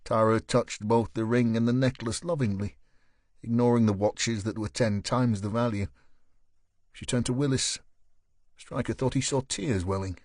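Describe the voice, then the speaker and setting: A male narrator reading a crime thriller audiobook in a measured, even manner. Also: medium pitch, dry recording, studio quality. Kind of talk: scripted narration.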